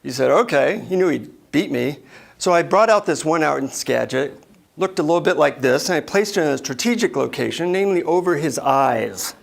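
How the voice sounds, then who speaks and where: A man giving a motivational keynote speech on stage, telling stories with lively voiced asides. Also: on the high side, normal speed, gravelly. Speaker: keynote speaker. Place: stage before an audience.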